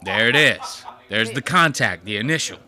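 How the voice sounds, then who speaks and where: Crude, mocking male host, very bright lively voice, dry sound. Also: lowish voice, moderate pace. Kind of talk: casual video commentary.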